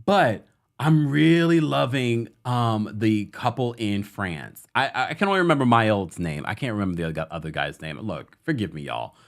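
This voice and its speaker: A man's voice: fairly low pitch, animated, moderate pace, gravelly. A man hosting a casual online talk show, chatting and laughing often as he gives his opinions. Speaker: host. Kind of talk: casual chat.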